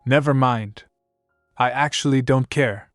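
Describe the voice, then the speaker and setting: A man voicing a calm, unflappable young queen who speaks in curt, cutting lines in a comic recap story. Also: mid-range voice, a little slow, no room sound, clean studio sound, soft background music. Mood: cool.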